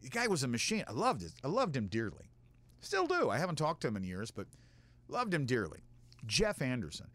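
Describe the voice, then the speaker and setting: A radio host telling a profane, self-mocking comic story in a casual way. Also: male voice, medium pitch, wildly swooping pitch, a little fast, fairly bright tone.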